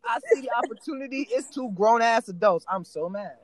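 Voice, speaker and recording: A young man with a high, bright voice talks in a loose podcast hangout. He tells a story with animated energy, curses freely and breaks into laughter. His voice is close and dry, with no room sound. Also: brisk, few pauses, no echo. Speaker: podcast co-host. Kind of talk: casual chat.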